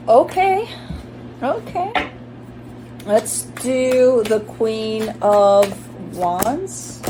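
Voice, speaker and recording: A woman talks through a tarot spread in a loose, chatty way, blunt and unafraid to swear. Her voice is warm and mellow rather than bright. A faint hiss sits under the recording. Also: medium pitch, low-quality recording. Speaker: tarot reader. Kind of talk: casual tarot reading monologue.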